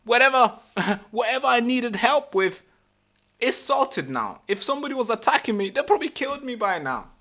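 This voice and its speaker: A man hosting a live reaction stream, talking casually, animated and exasperated, swearing freely. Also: extremely high pitch, moderate pace.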